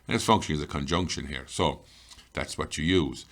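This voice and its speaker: A man teaching an Irish grammar lesson, explaining patiently and reading example sentences slowly. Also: extremely low pitch, creaky.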